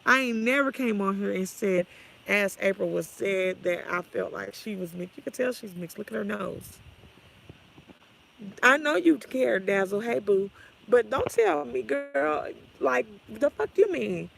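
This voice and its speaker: Woman vlogger with a heavily gravelly voice delivering a profane, sassy livestream rant. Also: mid-range voice, animated, measured pace, a bit bright, a little hiss or hum, poor audio. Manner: blunt, sassy, trash-talking. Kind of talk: profane ranting livestream talk.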